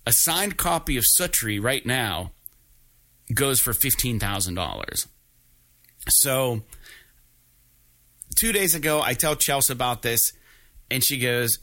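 A man telling an excited, profane personal story in a casual vlog, with frequent restarts. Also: mid-range voice. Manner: excited, swears freely, restarts often.

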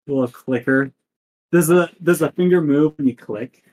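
A man's voice: a little high, darkish tone, rough recording. A man hosting a live stream, chatting in a laid-back way with easy laughs. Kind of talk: casual chat.

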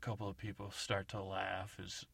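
A man's voice: low voice, monotone, moderate pace, vocal fry, a bit bright, no room sound. A man hosting a comedy podcast, telling an improvised story in a rambling way. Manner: rambling, many fillers and restarts. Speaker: podcast host.

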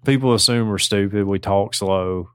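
A man's voice: on the low side, normal speed, clear, resonant tone, no room sound, clean studio sound. A man with a Southern US accent co-hosting a podcast, giving joking, folksy advice in casual chat. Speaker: podcast co-host.

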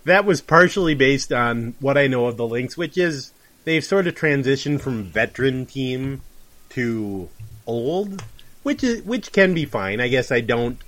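A man's voice: medium pitch, a bit bright. A man co-hosting a casual sports podcast, talking in a wry, rambling, joking way. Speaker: podcast co-host.

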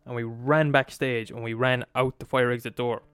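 A man with an Irish accent telling a story in a casual, animated way, swearing freely and checking in with the listener. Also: medium pitch, moderate pace, smooth, no echo, soft background music. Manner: animated, swears a lot, asks the listener "right?".

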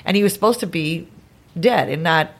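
A woman telling a long anecdote as a podcast guest, acting out the people in it with quick changes of voice. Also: on the low side. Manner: animated, acts out the voices in her stories. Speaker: guest performer.

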